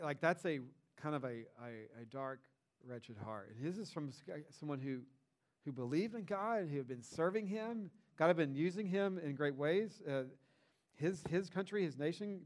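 A young man preaching in a casual, conversational way, retelling a Bible story and rising in pitch and volume when he stresses a point. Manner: conversational and animated, rises in pitch and volume for emphasis. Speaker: pastor.

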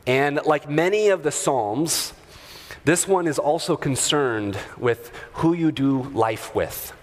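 A man preaching a sermon in a church, talking in a relaxed, conversational way with fillers and chuckling asides. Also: a little high, slow. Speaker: pastor. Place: church sanctuary. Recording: long hall reverb.

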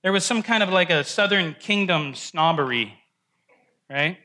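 Teaching an informal Bible study in a church classroom, a man speaks in a bright, forceful voice that sits a little high, expressive and at a measured pace. He keeps it conversational, quizzing the group, restarting sentences frequently and tagging on "right?".

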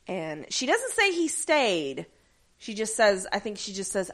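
A woman's voice: medium pitch, measured pace. A woman co-hosting a casual recap chat, swearing freely and acting out characters' lines as she tells the story. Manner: animated, acts out characters' lines mid-story; swears casually, many fillers. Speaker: podcast co-host.

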